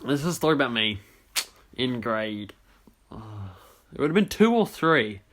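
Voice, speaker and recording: A man's voice: medium pitch, sing-song, normal speed, a bit bright. A man co-hosting a casual podcast, telling school stories with lots of laughter and self-mocking jokes. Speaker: podcast co-host. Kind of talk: casual storytelling chat.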